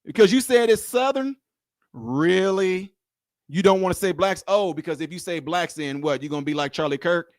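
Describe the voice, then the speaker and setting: Man, high voice, dry close sound, reaction commentary, teasing, animated, repeats himself. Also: moderate pace, dry recording. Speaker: video commentator.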